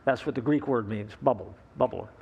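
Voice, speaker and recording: A man preaching a sermon as pastor, telling a story in a folksy, relaxed way with fillers and asides to the congregation. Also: mid-range voice, brisk, vocal fry, breathy edge.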